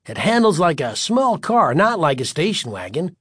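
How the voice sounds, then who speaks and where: A man's voice: on the high side, very animated, normal speed, fairly bright tone, breathy edge, no room sound, clean studio sound, voice pushed up, heavily acted. A man voicing an eager middle-aged father showing off a new car, boastful and defensive.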